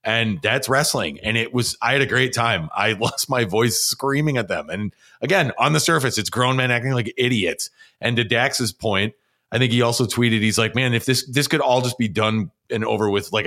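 A man co-hosting a podcast, chatting in an excitable, rambling way with lots of fillers. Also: lowish voice, moderate pace. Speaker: podcast co-host. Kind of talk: casual chat.

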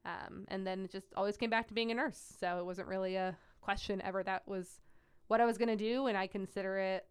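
Young nurse lady chatting away, lots of likes, smooth clear voice. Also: medium pitch, brisk. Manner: animated, lots of "like" fillers. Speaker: pediatric nurse, guest. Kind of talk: conversational interview storytelling.

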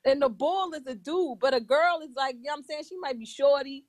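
A woman's voice: sits high, a little fast, dry recording. A woman with a Philadelphia accent, a podcast guest talking in laid-back slangy banter.

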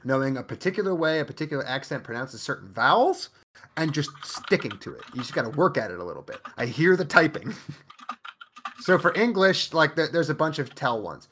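Animated, swearing podcast co-host man. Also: on the high side, fairly quick, a little hiss or hum. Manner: animated ranting, swears, laughs often. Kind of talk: casual review chat.

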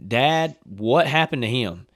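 In a dry, studio-quality recording, a man with a medium-pitched voice speaks slowly as a guest telling hunting stories in casual chat. He's an animated storyteller who acts out what people said and laughs often.

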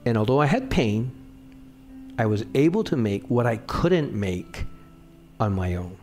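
A middle-aged male pastor preaching in a relaxed, conversational way, telling personal stories and checking in with the congregation as he goes. His voice sits at an ordinary middle pitch, with a soft guitar playing faintly behind him. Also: measured pace. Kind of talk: sermon with personal storytelling.

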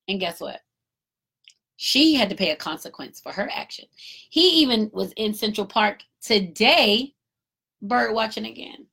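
Woman, husky, gravelly, emphatic casual monologue. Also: mid-range voice, measured pace. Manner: emphatic, animated storytelling with acted-out quotes. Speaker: parent.

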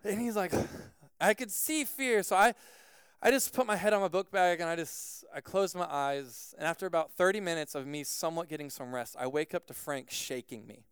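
A man preaching a sermon as pastor, telling a personal story in an animated way with frequent "like" fillers. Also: a little high, a little fast, clear, resonant tone, no echo, studio quality.

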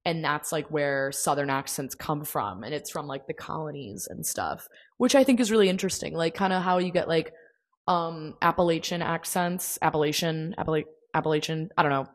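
A young woman with a low-pitched voice talks on her own podcast in a loose, rambling way. She fills her sentences with fillers and restarts as she chats casually. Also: brisk. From United States. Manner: rambling, filler-heavy, chatty. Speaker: podcast host. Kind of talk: casual solo podcast chat.

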